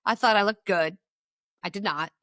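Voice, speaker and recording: A woman's voice: mid-range voice, normal speed, fairly bright tone, no room sound, studio quality. A woman in her forties, an addictions coach, telling her personal story in a podcast interview and acting out the people she quotes.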